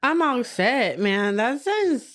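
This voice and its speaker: A woman with a fairly high voice co-hosts a casual podcast. She mostly chimes in with brief, wry remarks rather than long stories. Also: big pitch swings, slow pace, fairly bright tone. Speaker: podcast co-host. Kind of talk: casual chat.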